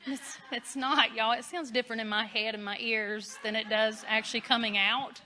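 Lady talking faith and marriage, candid n chatty, bright voice. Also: on the high side, fairly even intonation, moderate pace. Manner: chatty and candid, laughing at herself. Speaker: Christian speaker on marriage. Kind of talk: casual faith talk.

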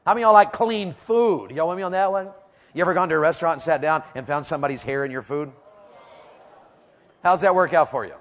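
A man's voice: a little high, fast talker, long reverb tail. A middle-aged man preaching a sermon in a church auditorium, drawing the congregation in with rhetorical questions and call-and-response.

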